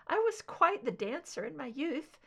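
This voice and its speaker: A woman reading aloud voices an older mother who speaks softly and wistfully, tired of grief yet gently teasing her son. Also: high voice, sing-song, moderate pace, gravelly, voice pushed up, full character voice.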